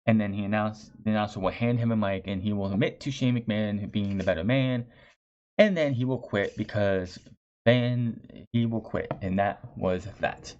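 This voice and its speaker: A man's voice: lowish voice, normal speed, a little mellow. A man reviewing a wrestling show in a chatty, sarcastic way, often restarting his phrases. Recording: dull lo-fi recording.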